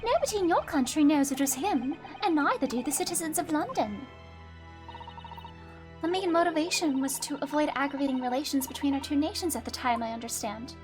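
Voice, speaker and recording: A woman reading game dialogue aloud for the characters in a measured, clear way. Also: high-pitched, music in the background, close to an everyday voice.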